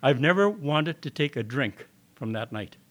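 Here the older recovery speaker has a mid-range voice with big pitch swings, a bit bright, at normal speed. Before an audience in a meeting hall, he tells his own testimony in folksy, down-to-earth fashion and acts out what people said.

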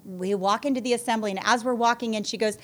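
A woman's voice: a little high, steady tone, quick pace. A woman telling her own story at a support group meeting in a candid, self-mocking way. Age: adult mother. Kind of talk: personal recovery testimony.

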